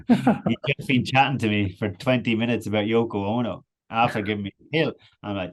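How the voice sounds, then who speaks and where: A man's voice: on the low side, brisk. Irish man telling a wild story. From Ireland. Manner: animated anecdotal, laughs often. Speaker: podcast guest. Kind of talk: casual storytelling.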